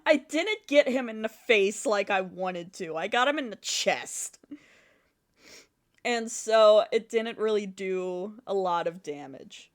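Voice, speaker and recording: A young adult woman streaming a game, telling a story in an animated, exasperated way with plenty of swearing. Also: on the high side, slow pace. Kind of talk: casual storytelling while gaming.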